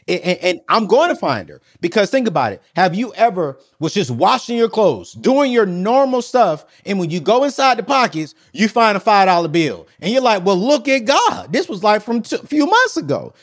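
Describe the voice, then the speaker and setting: A man talking as a guest in a conversation, giving faith-based advice in an energetic, preacherly way full of rhetorical questions. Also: mid-range voice. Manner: energetic and emphatic, acts out scenes. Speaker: podcast guest.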